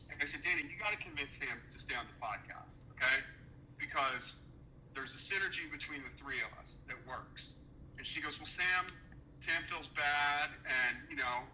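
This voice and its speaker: A man's voice: fairly high pitch, pushed and bright, slight background noise, rough recording. A man telling a heated story as a podcast guest, cursing often and acting out the dialogue he quotes. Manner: profane, indignant, acts out quoted dialogue. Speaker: podcast guest recounting a business dispute.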